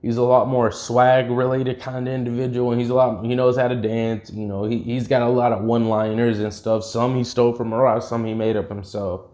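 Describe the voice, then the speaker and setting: A man's voice: medium pitch, flat delivery, fairly quick, hardly any pauses, mellow. A man casually retelling an invented fan story, rambling with many fillers and restarts.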